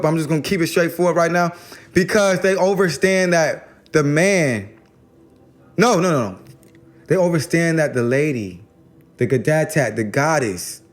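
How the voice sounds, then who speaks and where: Male guest, higher voice, loose and rambling spiritual talk. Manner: rambling, slangy, repeats words when starting.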